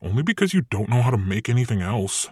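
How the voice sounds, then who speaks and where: A man's voice: mid-range voice, big pitch swings, quick pace, breathy edge, no room sound, clean studio sound. Man playing a sullen, grumpy Devil. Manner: sullen, curt. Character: grumpy, weary giant male Devil.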